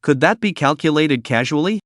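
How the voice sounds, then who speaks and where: A man's voice: a little high, expressive, a little fast, fairly bright tone, no room sound, studio quality. A man narrating a dramatic fantasy story recap in a scripted, storytelling manner.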